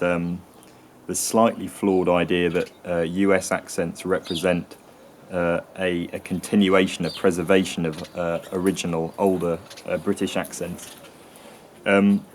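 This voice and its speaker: A man hosting an educational channel, explaining in a hesitant way with many pauses, fillers and restarts. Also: low voice, a little hiss or hum. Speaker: channel host explaining accents. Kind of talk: educational talk to camera.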